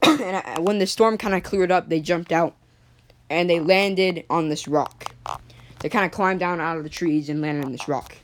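A woman with a somewhat low voice tells an improvised story in a loose, rambling way. She backtracks and restarts often, and keeps clearing her throat from a cough. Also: normal speed, a little hiss or hum. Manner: rambling, many fillers and restarts.

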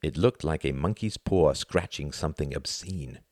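Deep-voiced male audiobook narrator. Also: moderate pace, darkish tone, no echo, clean studio sound. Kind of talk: audiobook reading of a novel.

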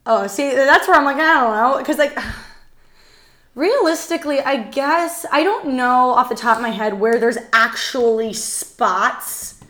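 A woman co-hosting a casual podcast chat, animated and rambling with lots of fillers. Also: high voice, unhurried. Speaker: podcast co-host.

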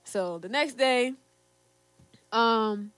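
A woman's voice: on the high side, very slow, fairly bright tone, clean tone, dry recording. A young woman casually telling a personal story to camera, quoting her parents and often laughing as she talks. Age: young adult. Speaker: storyteller, co-host.

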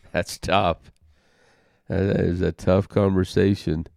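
An older man with a very deep, gravelly voice tells a personal story at an unhurried pace. He speaks haltingly and from the heart, pausing and restarting. The recording is close and dry. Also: a little mellow, dry recording. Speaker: interview guest.

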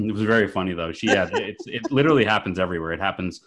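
A man's voice: fairly low pitch, lively intonation, fast, fairly bright tone. A middle-aged man co-hosting a podcast, chatting casually and laughing often while telling family anecdotes. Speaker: podcast co-host. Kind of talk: casual chat.

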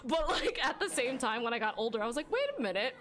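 A woman's voice: a little high, sing-song, fast talker, crowd noise. A woman hosting a casual podcast chat, candid and talkative, laughing often and swearing now and then. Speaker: podcast host.

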